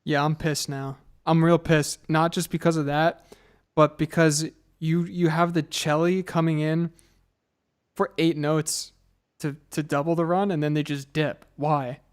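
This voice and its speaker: A man's voice: a little high, little pitch movement, measured pace, clear, resonant tone. A tipsy man hosting a late-night livestream, chatting casually and joking. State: tipsy from wine. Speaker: channel host.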